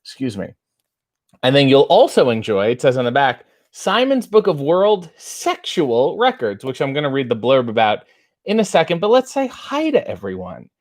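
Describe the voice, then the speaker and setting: A man's voice: medium pitch, wildly swooping pitch, normal speed. A man hosting a casual late-night livestream show, chatty, playful and theatrical. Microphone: webcam setup.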